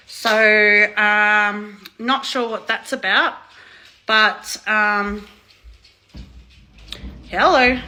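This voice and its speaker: A woman in her thirties from Australia, casually unboxing on her vlog, excitable and gushing, swearing freely. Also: on the high side. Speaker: vlogger.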